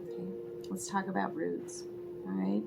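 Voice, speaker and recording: A woman giving a spiritual tarot reading to her viewers, talking softly and emotionally, often half-whispering. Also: lowish voice, sing-song, moderate pace, creaky, over loud music. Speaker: tarot reader.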